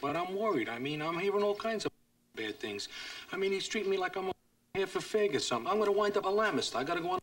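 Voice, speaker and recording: An actor playing a worried man who pleads with his boss for help in fast street talk. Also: sits high, huge pitch swings, fairly bright tone, no echo, full character voice. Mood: pleading worried. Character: anxious middle-aged man pleading for mob protection. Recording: distant film clip played on air.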